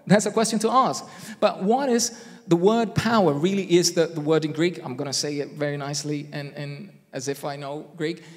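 A man preaching a conversational sermon with deliberate, emphatic phrasing and self-deprecating asides, recorded in a church hall. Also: on the high side. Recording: long reverb in a church hall.

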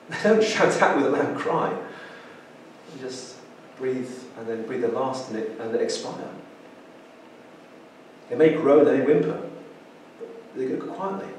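A man's voice: medium pitch, expressive, unhurried, pauses often, a little mellow, slight background noise. A man preaching a sermon in a church, earnest, with frequent restarts and sudden emphatic exclamations. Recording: echoey church hall, distant mic.

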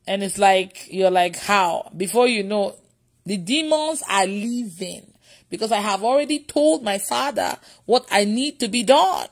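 A woman's voice: on the high side, animated, normal speed. Laughing woman preacher on livestream. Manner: laughs often, repeats phrases. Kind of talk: livestream prayer session.

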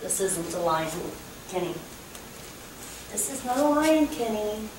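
A woman's voice: mid-range voice, sing-song, unhurried, voice pushed down. A woman playing an impatient mother who keeps correcting her young son in a workshop role-play. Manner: corrective, repeats the child's name. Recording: echoey room, distant mic, background noise.

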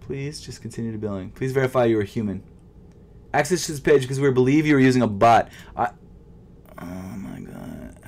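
A man's voice: mid-range voice, animated, a little fast, vocal fry. Frustrated young man muttering at a checkout. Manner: frustrated, muttering to himself, swings between loud outbursts and quiet mumbling; nervous, stuttering. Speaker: sneaker vlogger. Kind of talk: casual live commentary while shopping online.

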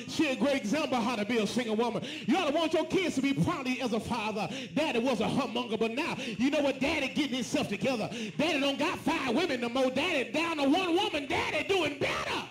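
A pastor preaching a sermon with call and response, rising to shouts. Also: male voice, very high voice, quick pace, hardly any pauses, a crowd in the background. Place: church sanctuary. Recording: echoey church room.

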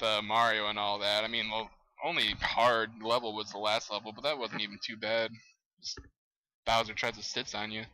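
A young man commenting on a game he is playing, excitable, exclaiming and laughing at what happens on screen. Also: lowish voice, moderate pace, low-quality recording. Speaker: gamer. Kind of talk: let's play commentary.

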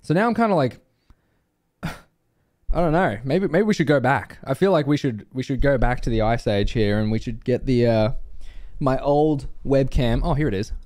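A man chatting to his viewers during a live game stream, animated and swearing freely. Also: mid-range voice, moderate pace. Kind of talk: live gameplay stream chat.

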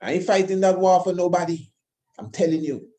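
A man's voice: high-pitched, a little fast, dark tone. A man delivering an impassioned monologue, emphatic and repetitive, firing rhetorical questions. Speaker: host of his own channel.

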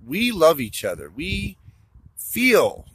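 A man recording a rambling walk-and-talk vlog outdoors, speaking straight to an absent listener, halting with many fillers and restarts. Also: fairly high pitch, wildly swooping pitch, a bit bright, breathy edge. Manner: talks directly to an absent listener. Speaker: vlogger. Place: outdoors in open desert country. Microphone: phone or camera held while walking.

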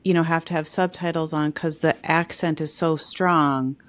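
Low-voiced woman asking friendly questions. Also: fairly even intonation, no echo. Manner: upbeat, question-led, quick affirmations. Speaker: podcast co-host asking questions. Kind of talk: casual chat.

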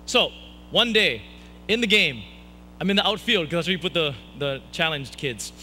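A man's voice: fairly high pitch, animated, moderate pace, bright, forceful tone, slight background noise, poor audio. A man preaching a sermon at a church service, telling stories in a playful, self-mocking way with jokey asides. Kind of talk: humorous sermon storytelling.

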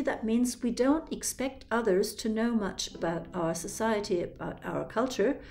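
In an explanatory lecture, a German trainer with a German accent methodically takes listeners through ideas step by step, making them clear with examples. She speaks in a mid-range voice with a darkish tone.

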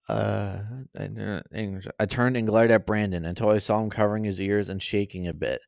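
A man reading a fan story aloud, halting and often stumbling and correcting himself. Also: fairly low pitch, steady tone, creaky, no room sound, dull audio. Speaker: story reader.

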